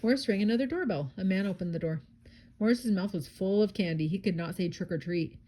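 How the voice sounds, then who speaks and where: A mother reads a children's picture book aloud at home, expressive and lively, with chatty asides in between. Her voice is warm and mellow, with faint noise in the background. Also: mid-range voice, fairly quick.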